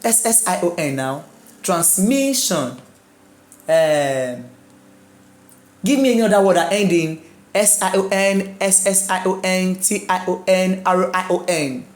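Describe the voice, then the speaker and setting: A woman teaching an exam prep lesson, drilling words slowly, spelling them out letter by letter and checking in with her students. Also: fairly low pitch. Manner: checks in with listeners often. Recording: echoey room.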